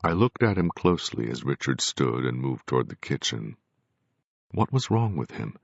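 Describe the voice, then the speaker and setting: A man narrating a novel in first person, measured and grave. His voice is extremely deep and gravelly. The sound is dry and dull, with a lo-fi, muffled top end. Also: big pitch swings, dry recording. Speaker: audiobook narrator.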